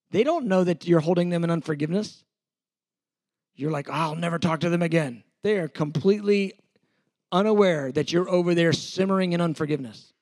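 A man's voice: high voice, darkish tone, dry recording. A middle-aged man, preaching a sermon in an earnest, conversational way with repeated phrases. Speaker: pastor teaching a sermon.

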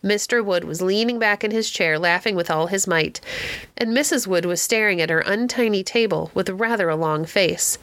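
A woman narrating a classic novel in an even storytelling manner. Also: mid-range voice, dry recording. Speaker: audiobook reader. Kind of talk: scripted narration.

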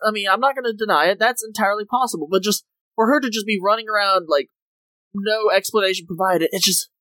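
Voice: mid-range voice, fairly bright tone, dry recording, rough recording. Ranty podcast host going off about a comic, keeps saying like, pretty dry close sound. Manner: exasperated, ranting, heavy use of "like". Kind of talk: casual podcast review rant.

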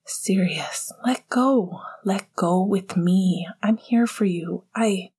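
A woman voicing a gentle, devoted young man comforting his partner in a whispered role-play, soft and earnest. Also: medium pitch, slow, husky. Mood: soothing.

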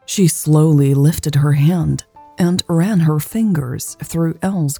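A woman narrating a romance audiobook in a calm, intimate, unhurried way. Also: low-pitched, slightly rough, no room sound, soft background music.

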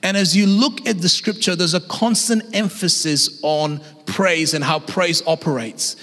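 A man in his thirties delivers a lively sermon in a high voice, speaking casually and animatedly to his congregation. His words carry a long reverb from a large church auditorium. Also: a little slow. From Australia. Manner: energetic, conversational preaching with acted-out voices. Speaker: guest pastor.

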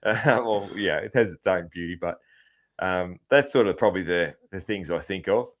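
A man's voice: deep voice, normal speed. A man with an Australian accent hosting a casual podcast chat, rambling with lots of ums and freely swearing. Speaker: podcast host.

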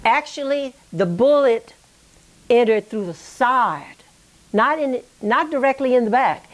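A woman's voice: a little high, animated, measured pace. A woman tells a long family story in an oral history interview. She talks in a reflective, meandering way, circling back to details and checking that her listener follows along. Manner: reflective, digressive, with frequent "you know" and "okay?".

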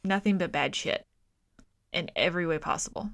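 A woman co-hosting a podcast, recapping a film in a profane, exasperated, animated way. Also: on the low side, moderate pace, dry recording, clean studio sound. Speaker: podcast co-host. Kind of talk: casual movie review chat.

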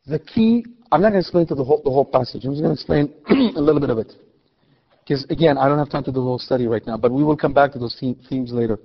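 Male Bible teacher, fairly high voice, husky, animated lecture full of rhetorical questions; muffled lo-fi recording.

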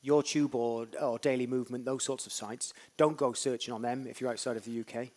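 A man's voice: mid-range voice, fairly even intonation, a little fast, a little mellow. A man co-hosting a comedy podcast, rambling and hesitant, sometimes slipping into a mock announcer voice. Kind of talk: improvised comic banter.

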